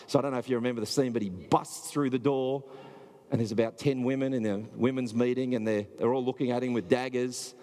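A man's voice: medium pitch, steady tone, brisk, warm tone, long reverb tail. A man preaching a sermon in a loose, conversational way, with filler words and restarts. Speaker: pastor.

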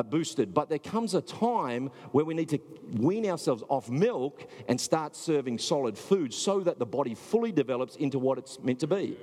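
A man's voice: medium pitch, mellow, breathy edge, long reverb tail. A man preaching a sermon in a loose, conversational way, with filler words and restarts. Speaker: pastor.

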